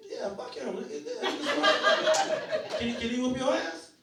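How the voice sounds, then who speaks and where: Loud laughing comedian in an echoey club. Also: male voice, very high voice, huge pitch swings, slow, far from the mic. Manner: loud, laughing, riffing with the crowd. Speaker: stand-up comedian. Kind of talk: stand-up crowd work.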